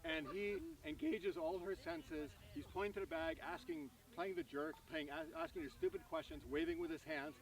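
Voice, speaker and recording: A man giving a tribute at an outdoor gathering, telling a lively anecdote and acting out the people in it. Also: sits high, moderate pace, vocal fry, few pauses. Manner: animated anecdote, acting out voices. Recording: voice from far off the mic.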